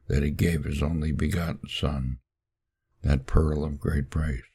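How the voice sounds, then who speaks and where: Deep slow preacher guy telling a sermon story, husky voice, solemn. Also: mellow. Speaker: podcast host and preacher.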